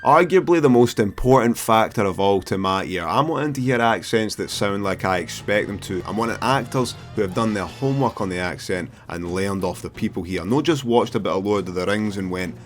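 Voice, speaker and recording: A man's voice: lowish voice, expressive, a little fast, hardly any pauses, faint music behind. A man with a Scottish accent hosting a casual comedic film review video, brash and profane in his talk. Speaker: film reviewer and YouTube host.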